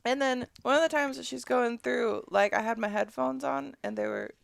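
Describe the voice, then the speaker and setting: Animated high-pitched woman telling a story. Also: normal speed, gravelly, dry recording. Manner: animated, profane, laughing as she tells it. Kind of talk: casual podcast storytelling.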